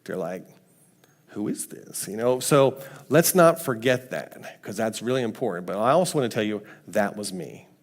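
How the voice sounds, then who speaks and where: A man giving a casual, conversational testimony sermon in a church, slipping into quoted voices with sudden pitch jumps. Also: animated, normal speed, hardly any pauses. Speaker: mission team member speaking at church. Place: church sanctuary.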